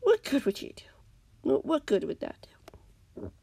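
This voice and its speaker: Cold villain captor, calm menace, read by a woman with lively pitch and a gravelly edge. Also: normal speed, no room sound. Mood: cold taunting. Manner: calm, menacing, sometimes whispered.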